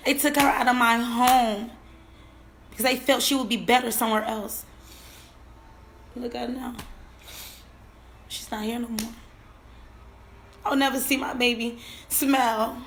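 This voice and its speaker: A woman's voice: high voice, fairly bright tone, a little hiss or hum. A grieving mother crying as she tells her story at home, her voice breaking as she repeats herself. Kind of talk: emotional personal testimony.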